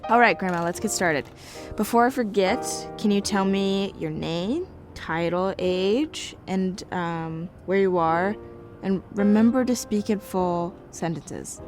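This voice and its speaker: An actress voices a nervous young woman, fretting and rambling as she prepares to interview her elders. Her mid-pitched voice sounds earnest and self-conscious. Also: slow pace, soft background music, close to an everyday voice. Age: young adult. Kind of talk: audio drama acting.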